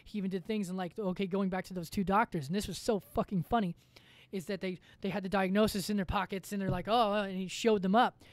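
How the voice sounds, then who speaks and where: Woman of middling pitch, podcast guest; loose, rambling storyteller who swears offhandedly. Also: steady tone, fast talker, no room sound. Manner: rambling storyteller, filler-heavy, swears casually. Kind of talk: casual chat.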